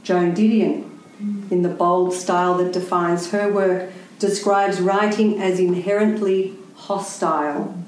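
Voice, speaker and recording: A woman's voice: on the low side, steady tone, measured pace, a little mellow, slight background noise. Woman writer at a lecture, wry and pointed, heavy room echo. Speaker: writer giving a talk. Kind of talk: prepared public talk. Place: room with a live audience. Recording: very echoey room.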